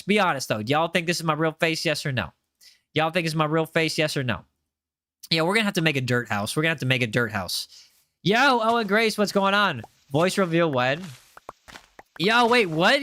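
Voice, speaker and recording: A man live streaming, chatting casually with his viewers, animated and repeating himself as he banters with chat. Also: a little high, normal speed, no echo.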